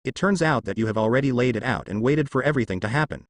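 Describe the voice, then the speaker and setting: A man's voice: medium pitch, animated, fast talker, no room sound. A male synthetic voice as a taunting pirate captain. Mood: mocking. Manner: boisterous laughing, grinning taunts. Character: boastful pirate captain, man, domineering.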